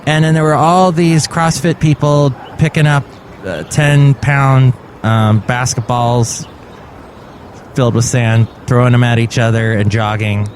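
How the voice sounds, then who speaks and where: A man's voice: medium pitch, flat delivery, a little slow, a little hiss or hum. Rambling, sarcastic man hosting a podcast. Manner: rambling, sarcastic, goofy asides. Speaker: podcast host. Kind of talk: rambling comedy podcast chat.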